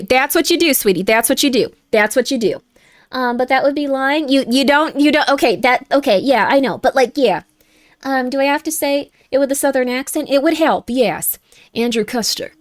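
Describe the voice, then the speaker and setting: Woman streamer, casual game chat, high bright voice, dry close mic. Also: no room sound. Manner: chatty, animated, says "like" a lot.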